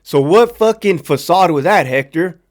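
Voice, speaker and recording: A man's voice: on the high side, lively intonation, moderate pace. A middle-aged man from Southern California, a former prison guard hosting his own show, ranting casually, profane and sarcastic and repeating himself for emphasis. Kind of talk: casual ranting monologue to camera.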